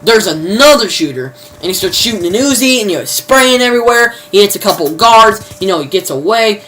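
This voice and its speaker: A woman's voice: medium pitch, animated, brisk, fairly bright tone. A woman casually recapping a TV episode, rambling with many fillers, restarts and mild slang. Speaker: TV episode reviewer. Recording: distant mic, faint background noise.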